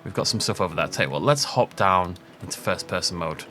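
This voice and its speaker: A man's voice: sits low, lively intonation, fast, sharp tone, slight background noise. Chatty upbeat man narrating gameplay. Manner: chatty, upbeat, laughs at his own jokes. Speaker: gaming YouTuber giving a park tour. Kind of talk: casual video game commentary.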